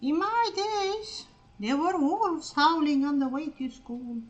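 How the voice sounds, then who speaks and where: A woman voicing a grumpy old-timer who boasts about hard times, in a loud, exaggerated, mock-boastful way. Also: sits high, slow, lo-fi sound, soft background music, voice pushed up. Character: grumpy old-timer telling hardship tales.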